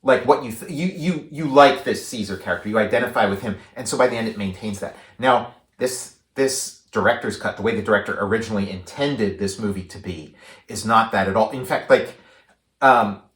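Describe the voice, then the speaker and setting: A man's voice: on the low side, brisk. A man co-hosting a podcast, chatting casually about a movie, rambling with lots of likes and restarts. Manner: rambling, many likes and restarts, animated when paraphrasing. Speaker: podcast co-host. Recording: roomy echo.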